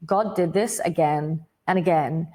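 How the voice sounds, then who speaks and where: A woman with an Australian accent tells her faith testimony on a podcast, her voice sitting a little low for a woman. She tells it vividly and dramatically, leaning on "like" and breaking into sudden loud bursts. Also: a little slow. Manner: vivid storytelling, says "like" a lot. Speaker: podcast guest.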